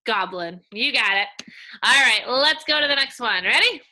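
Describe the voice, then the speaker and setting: A woman teacher giving a slow, coaxing reading lesson to young children, sounding out words in a sing-song way. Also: on the high side, expressive, sharp tone.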